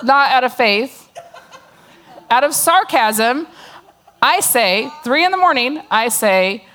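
A woman's voice: high-pitched, lively intonation, unhurried, pauses often, a bit bright. A middle-aged woman giving a humorous testimony talk to a church audience, telling a story with sarcastic asides and frequent laughter. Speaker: speaker at a church gathering.

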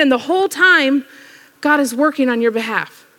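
A woman preaching a sermon, retelling a story with lively acted-out prayers and quotes. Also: high voice, moderate pace. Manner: animated storytelling, acts out prayers. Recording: echoey hall.

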